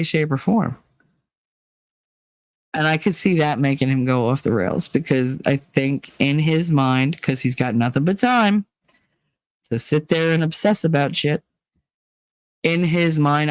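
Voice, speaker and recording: A woman's voice: low-pitched, dry recording. A middle-aged woman hosting a casual chat stream, telling candid, profane stories and acting out the people in them. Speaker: livestream host.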